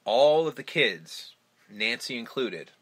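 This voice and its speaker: A man's voice: mid-range voice, expressive, slow pace, fairly bright tone. A man hosting a casual film podcast, retelling movie scenes with lots of swearing. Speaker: podcast host.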